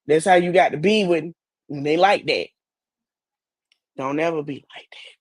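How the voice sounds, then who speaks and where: A woman's voice: low voice, normal speed, no echo. Brief: young adult woman, podcast host, blunt and preachy, close and dry sound. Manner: blunt, preachy advice to listeners. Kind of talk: casual chat.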